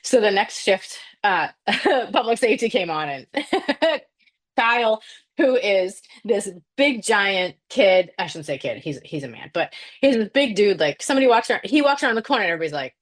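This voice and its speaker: A young woman, a nurse, chats casually. She tells stories with big swings in pitch and breaks into laughter often. Her talk is loose, with swearing. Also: sing-song, normal speed. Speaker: podcast co-host, nurse. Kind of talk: casual chat.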